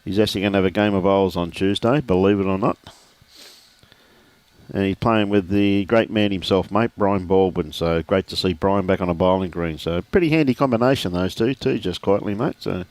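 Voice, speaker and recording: A man's voice: low voice, brisk, darkish tone, no echo. A man giving live lawn bowls commentary, chatty and joking, often calling people "mate".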